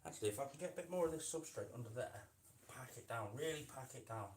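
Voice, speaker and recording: A man's voice: medium pitch, lively intonation, fast, a little mellow. A man with a mid-range voice chats casually through a live stream, talking affectionately to his lizard as he sets up its tank. The room rings back with a noticeable echo. A faint hiss of noise sits under his voice, which sometimes drifts further from the camera. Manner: chatty, talks fondly to his lizard as "mate". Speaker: reptile keeper and channel host. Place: indoors by a reptile enclosure.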